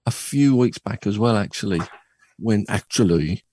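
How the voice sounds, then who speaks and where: A man from the United Kingdom hosts a studio radio show, bantering and joking casually with his co-host and rambling a little with filler words. His voice is on the low side, expressive and mellow, at a moderate pace with no echo.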